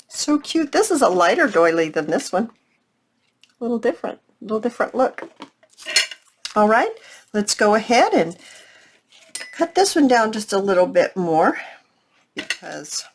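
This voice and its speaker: A chatty woman walks viewers through a craft project at an unhurried pace, her pitch rising and falling in lively swings. She teases herself as she works. A faint hiss sits under her voice. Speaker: crafting channel host. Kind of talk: casual craft tutorial.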